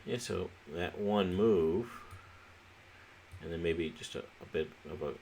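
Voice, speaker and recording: A man's voice: low voice, takes it slowly, a little mellow, a little hiss or hum. A man hosting a city-building let's play, talking casually and thinking aloud with frequent restarts, a little sleepy. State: sleepy, yawning. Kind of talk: casual gameplay commentary.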